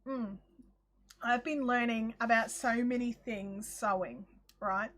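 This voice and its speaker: A woman with an Australian accent hosting a live craft chat, chatty and quick to laugh as she answers viewer comments. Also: on the high side, fairly even intonation, fairly bright tone. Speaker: host.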